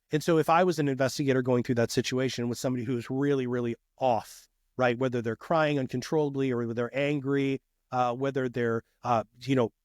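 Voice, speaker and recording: A man who is a guest on a podcast, talking in an energetic and emphatic way and often calling the host dude. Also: medium pitch, dry recording, studio quality. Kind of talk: casual podcast conversation.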